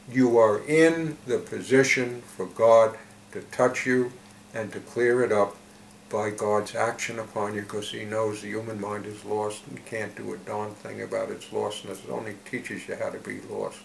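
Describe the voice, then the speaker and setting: A man with a lowish voice gives a reflective spiritual talk at an unhurried, drawn-out pace, swelling into emphasis now and then. His words carry around an echoey room, with a faint hum underneath. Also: vocal fry. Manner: slow, deliberate storytelling with emphatic swells. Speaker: spiritual teacher.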